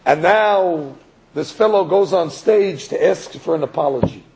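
A man giving a sermon as a rabbi, telling a story in an animated way and rising to emphatic peaks. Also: on the high side, measured pace, creaky, noisy background. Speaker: rabbi or Torah teacher.

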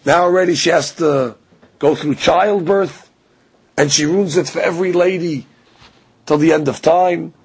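A Torah teacher with a gravelly, raspy voice a little high for a man gives a religious lecture at a slightly slow pace. He tells the story with animation, slipping into the voices of those he quotes, and the recording is rough.

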